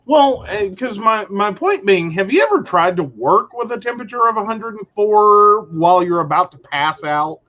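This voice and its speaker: A man with a high voice co-hosts a casual talk show. He tells stories in an animated way and acts out what people said. The audio is slightly muffled and lo-fi. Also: normal speed, hardly any pauses. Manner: animated storyteller who acts out quotes. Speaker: podcast co-host. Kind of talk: casual chat.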